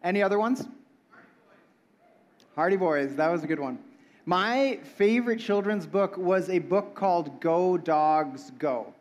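A man's voice: sits high, expressive, moderate pace, lo-fi sound. A young man preaching a casual sermon, joking and asking the audience questions. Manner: playful, talks with the audience. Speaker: pastor.

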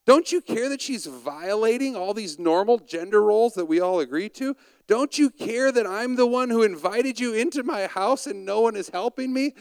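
A man's voice: high voice, lively intonation, clean tone, dry recording, voice pushed up, rough recording. A man doing an exasperated, frazzled hostess. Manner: rapid-fire exasperated complaining questions. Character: frazzled overworked woman host, indignant.

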